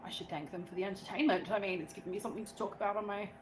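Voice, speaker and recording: A woman's voice: mid-range voice, fairly even intonation, very fast. A woman chatting casually in a vlog, telling a story with giggles. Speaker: vlogger. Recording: played-back vlog clip with background noise.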